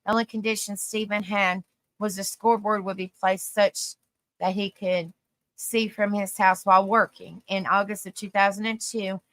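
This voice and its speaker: A woman's voice: mid-range voice, little pitch movement, moderate pace, fairly bright tone, no room sound. A woman with a Southern US accent reading facts aloud on a livestream, stumbling over hard words and chatting with viewers. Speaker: host.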